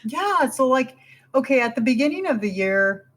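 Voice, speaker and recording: Animated woman telling a story. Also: high-pitched, moderate pace. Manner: animated storytelling, acting out her own thoughts. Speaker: podcast guest. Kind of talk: casual interview chat.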